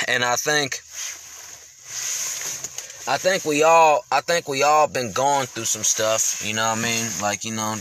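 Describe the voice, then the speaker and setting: A man's voice: medium pitch, bright, forceful tone, no room sound. A man hosting his podcast, speaking candidly and reflectively, rambling with lots of fillers and casual swearing. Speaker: podcast host.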